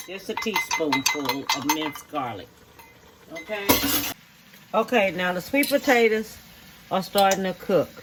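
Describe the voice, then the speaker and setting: Slow-talking home cook. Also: medium pitch, noisy background. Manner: slow, repetitive instructions, checking in with "okay?". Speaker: home cook hosting a cooking video. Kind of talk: cooking demonstration.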